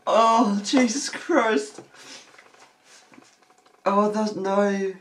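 A woman hosting a reaction video keeps breaking into helpless laughter and swears as she reacts in casual commentary. Her voice is low and animated, at a slow pace.

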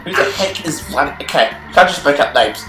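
A man chats and jokes while playing a game, swinging his pitch all over and often bursting into shouts. His voice is bright and sharp, and it rings in an echoey room with faint game music behind him. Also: expressive, normal speed. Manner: goofy, teasing, bursts into shouts. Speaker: co-host of a gaming channel. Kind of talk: casual chat over gameplay.

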